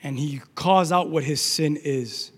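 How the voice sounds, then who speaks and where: A man preaching a sermon, shouting at times and then dropping to a hushed, low delivery. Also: unhurried, breathy edge. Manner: shouting, dramatic swings from loud to hushed. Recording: long reverb of a large hall.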